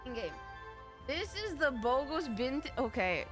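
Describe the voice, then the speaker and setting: A young woman streaming a game live, chatting casually with her viewers; giggly and animated, and she swears freely. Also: high voice, unhurried, music in the background.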